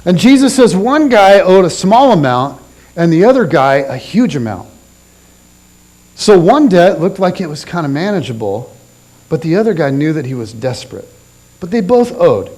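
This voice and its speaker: A man preaching a sermon as a pastor, telling a story with animated delivery and dropping low and soft for quoted lines. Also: moderate pace, low-quality recording. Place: church.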